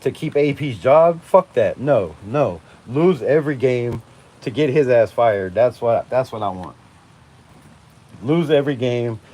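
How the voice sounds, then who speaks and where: A man's voice: medium pitch, lively intonation, measured pace, mellow. A man in his forties hosting a live fan stream, ranting with heavy swearing and frequent laughter. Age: 40s. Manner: profane, emphatic, laughing often. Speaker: fan channel host. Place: outdoors at night during a storm.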